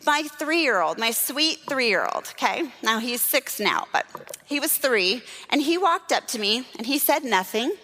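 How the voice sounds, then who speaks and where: A high-pitched woman who works as a children's pastor preaches at a church service. She tells a personal story in a lively way, laughing and acting out what people said.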